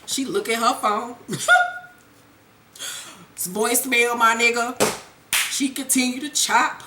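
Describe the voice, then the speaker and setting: Woman, comic TV recap, profane, animated, high voice, echoey room. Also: slow pace, background noise. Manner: profane, animated, laughing, acts out scenes. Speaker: TV episode reviewer.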